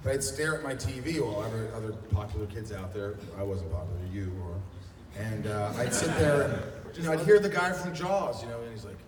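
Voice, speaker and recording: A man telling funny stories as a panelist at a convention, animated and joking. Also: mid-range voice, brisk, heavy background noise. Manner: animated, joking, slips into impressions. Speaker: actor panelist. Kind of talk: comic panel storytelling. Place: large convention hall. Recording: echoey convention hall from far off. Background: crowd.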